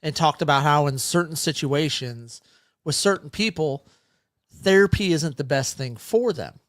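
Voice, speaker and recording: A man's voice: on the high side, animated, normal speed, no echo, studio quality. A middle-aged man co-hosting a casual podcast over beers, telling rambling stories with lots of restarts. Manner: rambling, self-interrupting storyteller. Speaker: podcast co-host.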